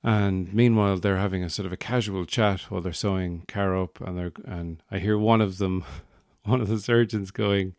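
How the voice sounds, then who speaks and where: A man's voice: sits low, steady tone, normal speed, hardly any pauses, no echo, studio quality. An Irish man hosting a podcast, telling a rambling, wry comic story with self-mocking asides. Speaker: podcast host.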